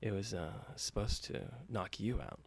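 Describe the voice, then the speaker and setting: A man's voice: lowish voice, moderate pace, creaky, husky. A man telling a story casually, with loose profane talk and many fillers, acting out the quoted lines lightly.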